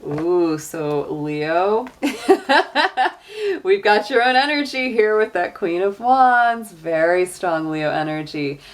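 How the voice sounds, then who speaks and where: A woman's voice: mid-range voice, sing-song, takes it slowly. A middle-aged woman giving a casual tarot reading, chatty and encouraging, with lots of "um" and "you know". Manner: chatty and encouraging, many fillers. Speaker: tarot and astrology reader.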